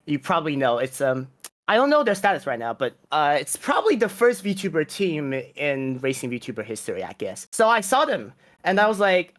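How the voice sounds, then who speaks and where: A speaker from China rambles animatedly through a long story as a podcast guest. The pitch sits in a middle range, and the telling is casual and loose. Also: moderate pace. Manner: rambling and animated, laughs between phrases. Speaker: team founder and owner, podcast guest.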